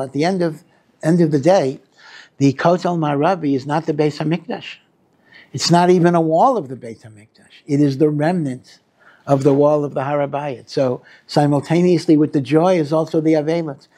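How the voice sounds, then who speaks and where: A rabbi delivers a weekly Torah lecture in a husky voice that sits a little high for a man. He teaches in an earnest, unhurried way, sprinkling in Hebrew terms and pressing hard on his key lines. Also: darkish tone.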